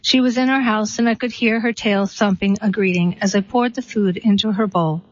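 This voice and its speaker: A woman reading a short story and a poem aloud in a calm, even storytelling manner. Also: mid-range voice, normal speed, dry recording. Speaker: reader. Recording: dull dry recording.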